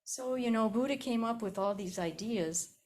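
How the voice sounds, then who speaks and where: A woman's voice: on the high side, normal speed, darkish tone. A woman in her seventies from Chicago's South Side, a Zen teacher giving a dharma talk as personal storytelling and repeating her key phrases. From South Side of Chicago, USA. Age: 70s.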